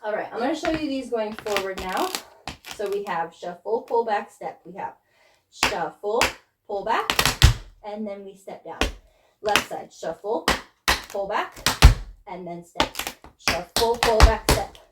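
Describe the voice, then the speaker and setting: A woman's voice: mid-range voice, lively intonation, measured pace, long pauses. Tap teacher lady counting out steps, a bit winded, friendly, tap clicks and noise behind her. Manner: friendly, encouraging, laughs at her own slips. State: out of breath. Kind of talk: instructional tutorial, counting steps aloud. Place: dance studio. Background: tap shoe clicks.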